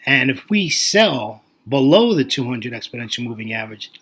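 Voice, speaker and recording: A man's voice: medium pitch, very animated, normal speed, a bit bright, breathy edge. A man commenting on currency charts in a chatty, folksy way, thinking aloud with fillers and restarts. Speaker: forex market analyst.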